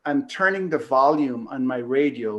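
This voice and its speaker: A man's voice: medium pitch, animated, moderate pace, fairly bright tone, muffled recording. A man hosting a talk show, casually telling a personal story, rambling with lots of fillers and the odd swear word. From Canada. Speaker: podcast host.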